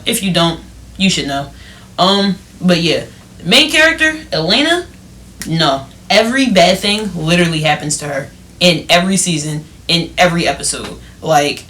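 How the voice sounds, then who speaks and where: A young podcast co-host chatting casually and retelling stories with quoted lines. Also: medium pitch. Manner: expressive, retells scenes in quotes. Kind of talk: casual chat.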